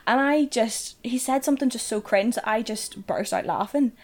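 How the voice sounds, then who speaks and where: A woman's voice: on the high side, normal speed, a little mellow. Chatty Northern Irish young woman. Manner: chatty, swears freely, peppers speech with "like". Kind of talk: casual anecdote telling.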